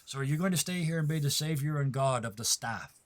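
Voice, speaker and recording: A man acts as game master for a tabletop game, playful and quick to laugh, often stopping to correct himself. His voice is medium-pitched and animated.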